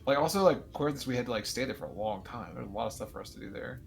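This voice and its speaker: A man co-hosting a game playthrough, talking in an animated, teasing, ranting way. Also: mid-range voice, rapid-fire, creaky, faint music behind. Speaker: co-host player. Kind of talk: casual gameplay chat.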